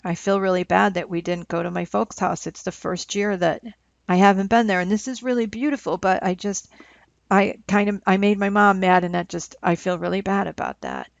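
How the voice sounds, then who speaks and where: A woman voicing a hurt, confused young woman who speaks in halting bits. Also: medium pitch, fairly even intonation, creaky, no room sound, close to an everyday voice. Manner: hesitant, halting. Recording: dull lo-fi recording.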